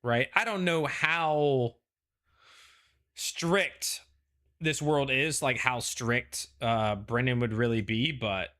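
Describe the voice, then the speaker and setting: Bright-voiced man rambling casually. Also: mid-range voice, slow, few pauses. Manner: rambling, hedging, chatty. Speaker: show host. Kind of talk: casual pre-show chat.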